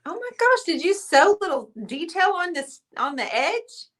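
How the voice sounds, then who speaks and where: A woman's voice: very high voice, big pitch swings, normal speed, fairly bright tone. A woman hosting a casual livestream, chatty and teasing as she reads viewer comments aloud. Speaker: livestream host.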